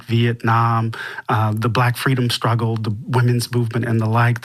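A man who wrote a book, answering as a radio guest in a measured, thoughtful way with small restarts. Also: mid-range voice, fairly bright tone, breathy edge, no room sound. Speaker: author and interview guest. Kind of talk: reflective radio interview answers.

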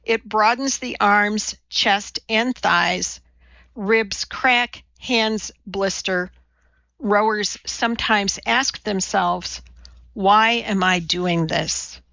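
A woman's voice: mid-range voice, extremely slow, creaky, bright, forceful tone, dry recording, lo-fi sound, full character voice. A woman reading the part of a blunt, precise female scientist lecturing a TV audience.

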